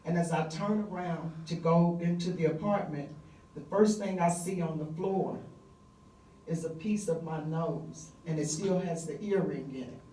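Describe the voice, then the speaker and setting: A woman's voice: fairly low pitch, dark tone, roomy sound, distant mic, slight background noise, low-quality recording. Middle-aged woman telling a story onstage. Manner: vivid, conversational, emphatic retelling with pauses and fillers. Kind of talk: live personal storytelling on stage.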